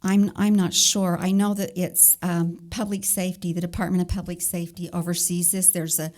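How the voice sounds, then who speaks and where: A woman's voice: on the low side, level tone, normal speed, darkish tone. A woman on city staff explaining budget details in a council meeting, with some hesitant fillers. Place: council chamber.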